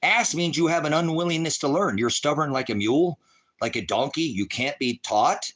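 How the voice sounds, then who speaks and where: A man on a livestream, ranting about scripture at his chat, swearing and taunting, dropping from low mutters to high shouts. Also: expressive, normal speed. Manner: profane, taunting, mocking laughter. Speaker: livestream preacher. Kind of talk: heated livestream rant at chat.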